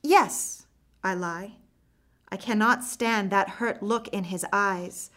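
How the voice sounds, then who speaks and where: A woman reading a first-person story aloud, earnest and reflective, with expressive phrasing. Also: medium pitch, slow pace. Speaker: narrator.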